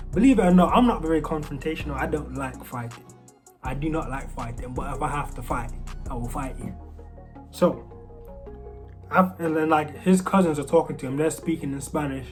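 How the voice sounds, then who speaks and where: A man with a British accent that keeps some American traces, casually telling a story. He rambles and restarts often, with many fillers. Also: a little high. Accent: British English with American traces. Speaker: storyteller vlogger.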